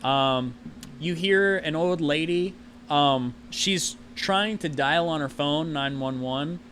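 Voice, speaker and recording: A man running a tabletop game as game master, with a slightly high voice. He narrates in a loose, rambling way, full of fillers. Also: takes it slowly, a bit bright, slight background noise.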